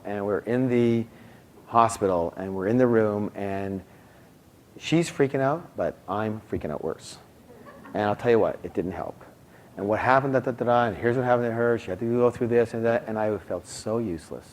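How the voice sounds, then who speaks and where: A middle-aged man teaching a live seminar, animated and constantly quizzing his audience. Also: on the low side, slight background noise. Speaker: seminar speaker.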